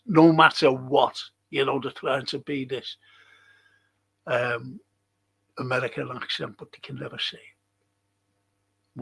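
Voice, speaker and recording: Slow, grumbling older English host. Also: male voice, mid-range voice, steady tone, creaky, sharp tone, slightly rough. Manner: grumbling, swears a lot, moaning. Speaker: livestream host. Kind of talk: casual live chat reading viewer comments.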